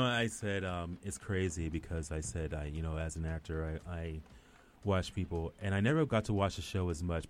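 There's a little hiss or hum behind this middle-aged man's low-pitched voice and West Indian accent. An actor from the West Indies, he's a guest in casual conversation, spinning rambling tales with many restarts.

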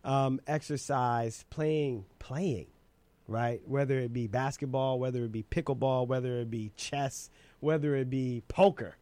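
A man of average pitch speaks in a relaxed conversation, reflective and unhurried. He stresses key words and often checks in with "right?". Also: no echo. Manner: reflective, slow and emphatic, asks "right?". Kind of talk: casual conversation.

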